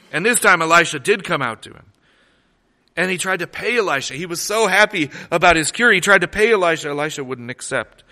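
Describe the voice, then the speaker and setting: A man preaching a sermon, retelling stories in an animated, conversational way with frequent restarts. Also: medium pitch. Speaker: pastor.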